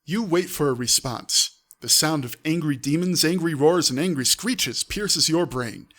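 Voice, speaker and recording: Man, streamer, text adventure narration, bright forceful voice, slightly high. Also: unhurried. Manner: reads aloud with offhand asides. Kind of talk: live-streamed game narration.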